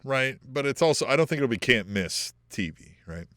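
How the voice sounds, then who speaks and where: A man's voice: medium pitch, animated, normal speed, fairly bright tone, no echo, clean studio sound. Laid-back, hesitant podcast co-host man. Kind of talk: casual wrestling chat.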